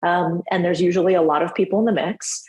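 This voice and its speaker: Candid woman guest, low voice, roomy sound. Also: fast. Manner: candid, laughs easily, lively quoting. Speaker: podcast guest. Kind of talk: casual interview talk.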